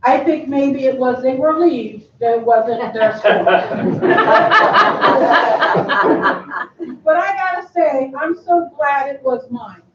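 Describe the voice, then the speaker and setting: A woman's voice: sits high, expressive, takes it slowly, noisy background. A woman from Kentucky giving an affectionate memorial tribute speech, often laughing between lines. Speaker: eulogy speaker. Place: memorial service venue. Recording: echoey, distant, muffled room sound.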